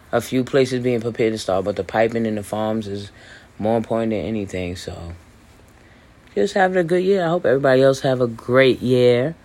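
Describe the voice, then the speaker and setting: Rambling, boastful man with hiccups. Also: medium pitch. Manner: loose, boastful, profane, many fillers and restarts. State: hiccuping, clearing throat. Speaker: podcast host. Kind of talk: rambling casual monologue. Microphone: voice message recording.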